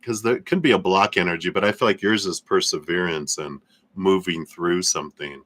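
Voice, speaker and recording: A man hosting a live tarot reading, speaking in slow, soothing affirmations with soft laughs. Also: low-pitched. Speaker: tarot reader.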